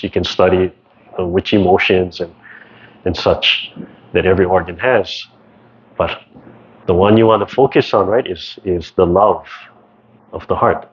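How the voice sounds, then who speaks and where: A man with a lowish, breathy voice teaches a tai chi class casually over a video call, tacking "right?" onto nearly every phrase. The call audio is dull and lo-fi.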